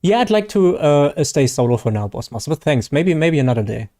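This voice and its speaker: Mellow-voiced man with a German accent. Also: fairly high pitch, very animated, brisk, no room sound, studio quality. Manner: hesitant, many fillers and restarts, self-deprecating. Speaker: live-stream host. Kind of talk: casual live-stream chat while gaming.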